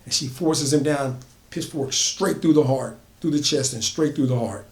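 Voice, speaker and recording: A man's voice: medium pitch, normal speed, a little mellow. Man telling a horror story, repetitive. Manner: repetitive, builds emphasis by repeating phrases. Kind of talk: casual storytelling. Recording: echoey room.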